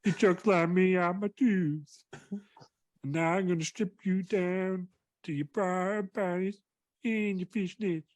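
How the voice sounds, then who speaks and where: A man putting on the voice of a furious, battered old male wrestler, snarling drawn-out threats. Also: high-pitched, fairly even intonation, no echo, pitched above the performer's own voice.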